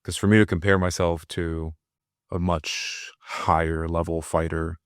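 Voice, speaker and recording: A man's voice: low voice, flat delivery, unhurried, dry recording, clean studio sound. A man who fights, speaking thoughtfully and candidly in a casual podcast conversation. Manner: thoughtful, candid, with soft laughs.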